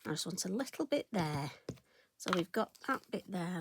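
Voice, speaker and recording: A woman's voice: on the low side, lively intonation, normal speed, a little hiss or hum. A middle-aged woman with a chatty, self-deprecating manner, hosting a card-stamping tutorial and talking to viewers as she works. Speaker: craft tutorial host.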